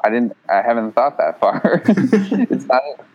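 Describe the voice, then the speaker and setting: A man chatting casually over a remote call, playful and quick to laugh. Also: medium pitch, very animated, darkish tone, dull audio. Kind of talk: casual chat. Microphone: remote call line.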